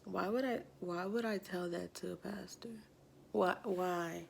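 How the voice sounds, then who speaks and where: A young woman vlogger casually telling a personal story, slangy and animated, acting out what people said with lots of "like.". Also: on the low side, a little slow, gravelly, slight background noise. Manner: slangy, animated quoting, many "like"s.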